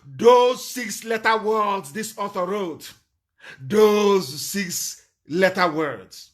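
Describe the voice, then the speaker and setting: A man's voice: sits high, lively intonation, drawn-out words. Fiery man lecturing on air. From Nigeria. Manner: fiery, scornful, spells words out letter by letter. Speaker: political movement leader. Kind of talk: live broadcast lecture.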